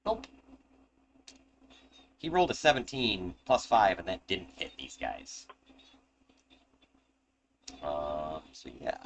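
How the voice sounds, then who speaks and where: Low-pitched male game master, casual joking delivery, noisy home recording. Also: very animated, measured pace, pauses often, fairly bright tone. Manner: casual, swearing, laughing asides. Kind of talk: narrating a tabletop game.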